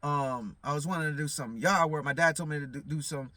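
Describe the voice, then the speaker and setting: Recorded dry, a man's voice on the high side comes through bright and forceful at a slightly quick clip. The vlogger rambles loosely and profanely, repeats "you know what I'm saying," and keeps losing his train of thought, stammering and restarting.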